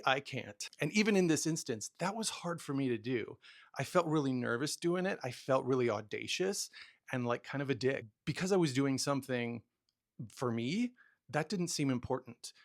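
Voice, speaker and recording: A man's voice: medium pitch, a bit bright. A man hosting a talk about nice-guy habits, telling personal stories in a candid, self-deprecating way with many restarts. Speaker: podcast host. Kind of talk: casual advice monologue.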